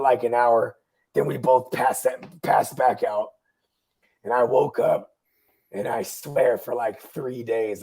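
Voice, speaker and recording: A man's voice: mid-range voice, vocal fry, husky. A young man casually telling a long, rambling story, swearing and laughing along the way. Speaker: podcast host.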